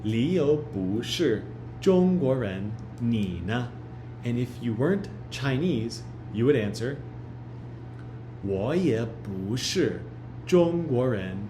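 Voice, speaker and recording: A man teaching a recorded pre-class lesson, modelling each phrase slowly and repeating it for learners. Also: mid-range voice, animated, mellow, a little hiss or hum. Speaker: language teacher. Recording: roomy echo.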